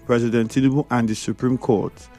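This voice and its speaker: A Nigerian man hosting a radio call-in show, briskly reading out listener messages and taking calls. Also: mid-range voice, fairly even intonation, warm tone, faint music behind. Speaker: radio host. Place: radio studio.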